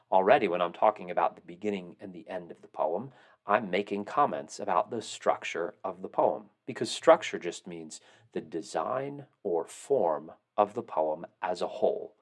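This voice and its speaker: Low-voiced man teaching a lecture. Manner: explanatory, asks questions and answers them. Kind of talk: recorded classroom lecture.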